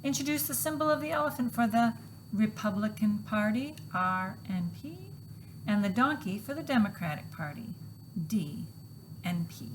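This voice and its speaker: A woman teacher walking students through a grammar worksheet, patiently explaining and reading examples aloud slowly. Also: mid-range voice, expressive, slight background noise, poor audio.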